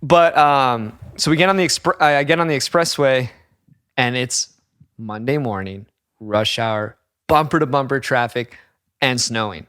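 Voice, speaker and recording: With unhurried pacing and a medium-pitched voice, this man co-hosts a laid-back podcast and spins a lively story full of profanity and performed quotes. The recording is clean studio sound with no echo.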